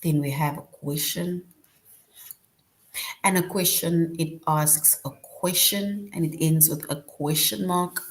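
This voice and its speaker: A woman's voice: low-pitched, fairly even intonation, takes it slowly. A woman teaching a children's grammar lesson online, explaining patiently and often checking in with "right?".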